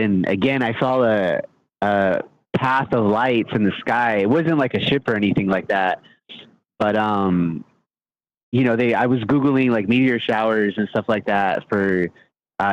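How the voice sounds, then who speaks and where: A man's voice: fairly low pitch, dry recording. A man calling in to a radio show, talking hesitantly and rambling with many fillers. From United States. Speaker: caller. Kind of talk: phone-in call. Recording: dull phone line.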